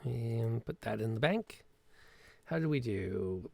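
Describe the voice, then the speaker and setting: Gravelly-voiced man running a tabletop game. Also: mid-range voice, lively intonation, slow pace, warm tone, no room sound. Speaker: game master.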